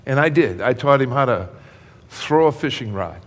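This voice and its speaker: A man's voice: mid-range voice, lively intonation, normal speed, big-room sound. An older man preaching a sermon, talking conversationally and addressing his congregation directly. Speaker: pastor.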